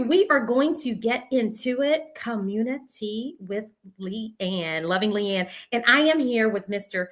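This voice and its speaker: A woman's voice: medium pitch, animated, measured pace, hardly any pauses, bright, forceful tone. A woman hosting a community talk show, speaking in an upbeat, emphatic and encouraging way. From United States. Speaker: host.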